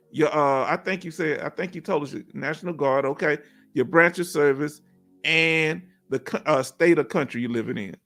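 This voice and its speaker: A middle-aged man from Houston, hosting a casual livestream and warmly encouraging viewers as he reads their comments. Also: sits high. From Houston, Texas. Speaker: livestream host. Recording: faint music behind.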